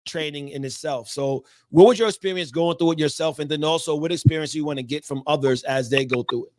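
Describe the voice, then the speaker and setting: A man's voice: a little high, fast talker, a little mellow, no room sound, clean studio sound. A man asking interview questions casually, stumbling and repeating words as he asks.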